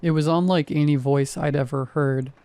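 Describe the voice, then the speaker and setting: A man in his thirties narrates a first-person horror story with dry, deadpan wit. His voice sits slightly high with a dark, mellow tone, and he keeps an even, measured pace. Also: clean tone.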